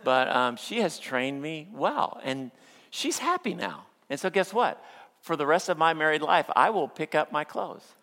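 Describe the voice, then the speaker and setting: A middle-aged male pastor preaching a sermon, telling stories with playful humor and acting out quotes, then slowing down for earnest points. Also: on the high side, big pitch swings, sharp tone. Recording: long hall reverb.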